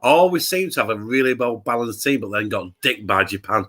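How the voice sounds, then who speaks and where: Animated sweary English bloke telling stories. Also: male voice, medium pitch, fairly quick. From England. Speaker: co-host. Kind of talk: casual live football watch-along chat.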